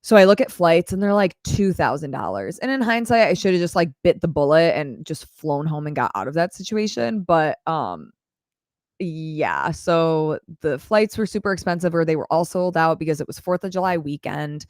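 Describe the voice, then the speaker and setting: A young woman hosts a live stream and tells a long personal story in a loose, chatty way, with "like" in nearly every sentence and laughs slipping in. Her voice sits on the low side for a woman, and the sound is close and dry with no room echo. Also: lively intonation, moderate pace, darkish tone. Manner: chatty, peppered with "like", laughs while telling. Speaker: host. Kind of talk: casual storytelling chat. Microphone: clip-on mic.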